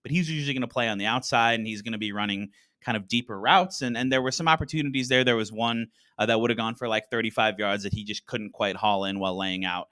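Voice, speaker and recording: A man's voice: fairly low pitch, fast talker, bright, forceful tone, no room sound, studio quality. A man on a sports podcast round table breaking down football in an analytical, casual way, often restarting his sentences. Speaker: sports writer panelist.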